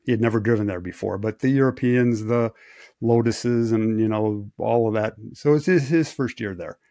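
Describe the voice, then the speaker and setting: A man from Wisconsin, a race engineer co-hosting a podcast, telling rambling anecdotes in a relaxed chat. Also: on the low side, normal speed, no echo, clean studio sound. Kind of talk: casual storytelling chat.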